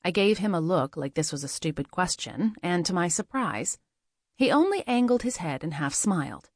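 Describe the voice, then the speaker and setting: A woman reading a first-person fantasy audiobook, measured and quietly expressive. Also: fairly low pitch, no echo, studio quality. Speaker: audiobook narrator.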